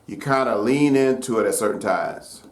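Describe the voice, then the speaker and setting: A man teaching gospel piano in a relaxed, folksy way, with many fillers and loud piano under his talk. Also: on the low side, normal speed. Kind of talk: casual piano lesson. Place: room with piano. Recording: roomy echo over loud piano.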